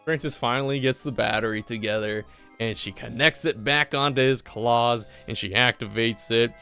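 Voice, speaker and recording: A man's voice: medium pitch, normal speed, sharp tone, clear, resonant tone, faint music behind. A man casually recapping a movie with profane, rambling enthusiasm.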